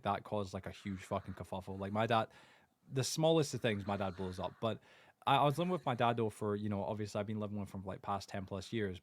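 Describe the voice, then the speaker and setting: A young man co-hosting a podcast, telling family stories in casual chat and swearing constantly. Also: on the low side. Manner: swears constantly, animated storytelling. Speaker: podcast co-host.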